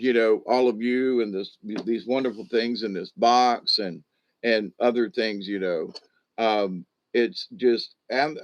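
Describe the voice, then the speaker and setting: An older man telling personal stories to his channel in a casual, halting way, often restarting his sentences. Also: lowish voice, highs cut off. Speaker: channel host. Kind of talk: casual rambling storytelling.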